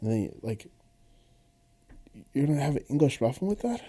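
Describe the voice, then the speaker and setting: A man's voice: mid-range voice, sing-song, brisk, warm tone, husky. A man co-hosting a podcast in casual chat, rambling with frequent laughs and restarts. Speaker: podcast co-host.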